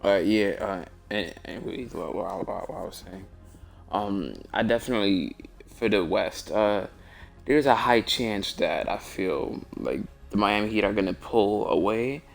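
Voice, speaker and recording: A man's voice: on the low side, unhurried, vocal fry, soft background music. A tired young man rambling casually about basketball on a stream as host, with many restarts and fillers. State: tired, yawning. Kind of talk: casual sports talk stream.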